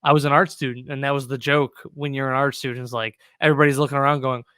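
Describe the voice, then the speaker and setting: A man hosting a podcast, relaxed and chatty, telling stories with quick reactions. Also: medium pitch, clean tone, dry recording. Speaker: podcast host. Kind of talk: casual podcast conversation.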